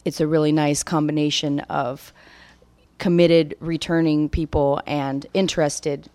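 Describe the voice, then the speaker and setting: A woman's voice: low voice, little pitch movement, measured pace, a little mellow, no echo. A woman emceeing a live community gathering, talking loosely with fillers as she introduces a newcomer. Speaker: community tour organizer and emcee.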